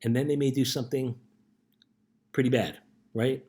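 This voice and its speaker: A man's voice: medium pitch, fairly even intonation, normal speed, darkish tone. A middle-aged man, a youth life coach, telling a story in an earnest casual motivational talk and often checking in with "right?".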